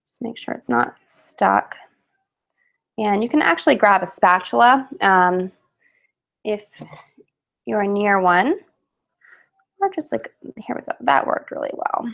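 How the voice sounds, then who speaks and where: A woman's voice: mid-range voice, animated, slow, gravelly, pauses often, a bit bright. A woman hosting a casual live craft webinar from home on a webcam, chatty and upbeat, with fillers and laughs.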